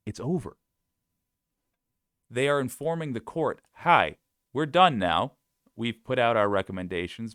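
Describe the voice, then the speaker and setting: Man, political commentary host, sarcastic and scoffing, low smooth voice, dry close sound. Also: a bit bright, no echo. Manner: sarcastic, scoffing, frequent laughs. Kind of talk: reading and mocking quotes, casual commentary.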